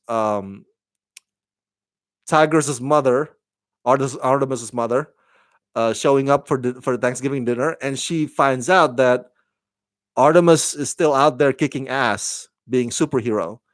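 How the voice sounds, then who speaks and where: A man's voice: medium pitch, dry recording, clean studio sound. A man giving a casual, rambling review of a TV show, with lots of fillers and restarts.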